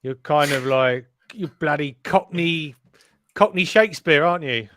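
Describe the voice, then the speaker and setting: A man's voice: fairly high pitch, a little slow, fairly bright tone, slight background noise. Cheeky, swearing male race commentator. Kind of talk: live race commentary banter.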